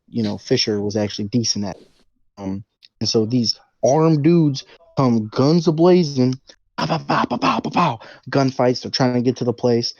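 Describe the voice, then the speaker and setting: A man's voice: mid-range voice, warm tone, dry recording, muffled recording. A man co-hosting a podcast, retelling a movie plot casually and animatedly with sound effects. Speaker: podcast co-host.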